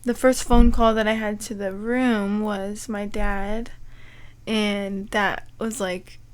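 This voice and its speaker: A young woman hosting a podcast tells a personal story haltingly, packing it with "like" fillers and clearing her throat often. Her mid-range voice has a flat delivery.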